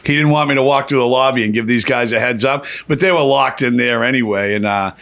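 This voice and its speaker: A man's voice: mid-range voice, fast talker, vocal fry, fairly bright tone. A man hosting a podcast, telling stories and acting out quotes from others. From Boston area. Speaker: podcast host. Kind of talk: casual storytelling chat.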